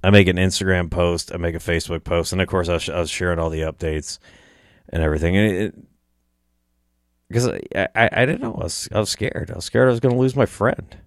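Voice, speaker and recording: A man's voice: sits low, a little fast, dry recording, studio quality. A young man telling an emotional story about a friend, choking up and swearing, laughing through the tears. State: choked up, close to tears. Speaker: hunting personality.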